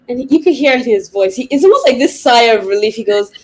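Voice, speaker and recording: A woman psychotherapist, a podcast guest, telling a personal story in a lively, vivid way. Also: a little high, a little fast, hardly any pauses, husky, rough recording. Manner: animated, vivid retelling with laughs.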